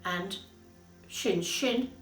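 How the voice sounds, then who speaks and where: A woman tells her story in a steady, plain manner, her mid-pitched voice carrying some room echo. Faint music plays softly underneath. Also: very slow. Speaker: interviewee sharing memories. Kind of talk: casual storytelling. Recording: roomy with faint music behind.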